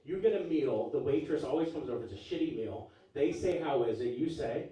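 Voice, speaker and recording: A man's voice: a little high, lively intonation, fairly quick, dark tone. A man in his forties doing a live stand-up set, punchy, wry and profane. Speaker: stand-up comedian. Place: live comedy club stage. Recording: echoey room from far off. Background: audience laughing.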